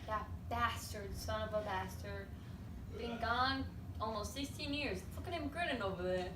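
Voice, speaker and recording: A woman's voice: on the high side, moderate pace, background noise, close to an everyday voice. A woman playing a restless young man who longs to escape his dull life, in an amateur stage performance. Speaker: student performer. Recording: echoey room, distant mic.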